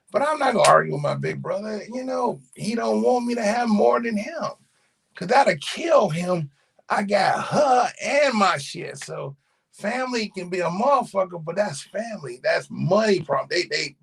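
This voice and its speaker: A middle-aged man telling family stories in a casual monologue, animated and profane. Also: sits high, normal speed, vocal fry, breathy edge. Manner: animated storytelling, profane slang. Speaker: commentator.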